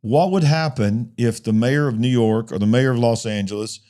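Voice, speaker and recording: A man's voice: mid-range voice, moderate pace, warm tone. A male host discussing news headlines, reading articles aloud with emphatic asides. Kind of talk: news commentary talk show.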